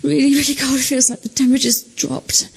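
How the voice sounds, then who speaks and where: Terrified high-voiced woman in fear. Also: flat delivery, a little fast, gravelly. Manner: panicked, breathless, swearing, whispering in fear. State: frightened, near tears. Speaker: radio show participant in haunted mine. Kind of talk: live on-location reporting.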